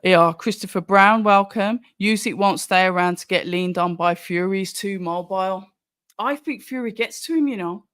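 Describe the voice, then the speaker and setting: This livestream watch-along host is from Birmingham, England, and has a Brummie accent. The voice is medium-pitched, a bit bright and smooth, at a moderate pace, answering viewer comments casually with frequent restarts. Clean studio sound, no room sound.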